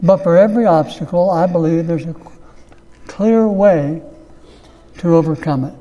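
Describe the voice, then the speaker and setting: A pastor delivering a sermon, preaching slowly and emphatically, repeating key phrases. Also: male voice, on the high side, warm tone, big-room sound, muffled recording.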